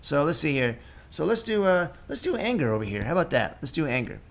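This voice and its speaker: A man with a highish, creaky voice and a quick pace gives a casual cartooning lesson. He's relaxed and chatty, thinking aloud as he draws.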